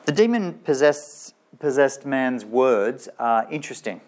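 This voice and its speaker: A man's voice: medium pitch, expressive, unhurried, a little mellow. A man preaching a sermon in a church, talking in a conversational way and asking his listeners rhetorical questions. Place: church with slides shown.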